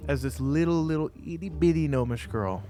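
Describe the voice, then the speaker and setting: Relaxed male game master narrating. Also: fairly high pitch, fairly quick, soft background music. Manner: relaxed storytelling with fillers.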